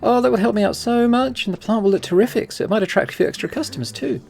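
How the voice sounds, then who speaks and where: A man's voice: high voice, quick pace, creaky, a little mellow, faint music behind, pitched above the performer's own voice. A man playing an eager young plant student. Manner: upbeat, chatty, persuasive.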